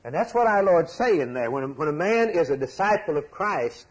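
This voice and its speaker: A man preaching with a drawl, his voice a little high and husky. He tells his story with passion, rising to loud emphasis and dropping to low, hushed asides. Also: expressive, moderate pace, low-quality recording. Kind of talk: sermon.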